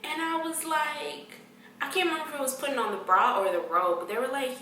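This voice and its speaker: A woman's voice: high-pitched, fairly quick, creaky, bright, forceful tone, echoey room, recorded from a distance, slight background noise. A woman vlogger telling a story in casual talk, blunt and profane, acting out what people said to her. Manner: blunt, profane, acts out quoted exchanges.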